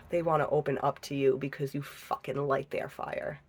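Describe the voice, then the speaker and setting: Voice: mid-range voice, little pitch movement, measured pace, creaky, husky. A tarot reader giving a casual reading into a phone, chatty and profane, laughing often.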